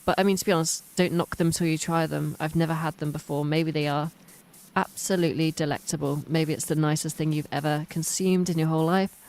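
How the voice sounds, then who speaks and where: A woman's voice: low-pitched, steady tone, brisk, a little mellow. A British woman streaming a game, chatting casually in rambling, self-mocking tangents. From United Kingdom. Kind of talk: casual chat while playing a game.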